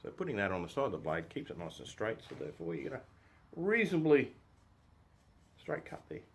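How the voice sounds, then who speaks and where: A man's voice: fairly low pitch, huge pitch swings, a little fast, vocal fry, a little hiss or hum. A man, chatting casually and jokingly while he works on a woodworking project, often laughing at himself. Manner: jokey, chuckling, self-deprecating. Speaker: woodworking vlogger. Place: home workshop.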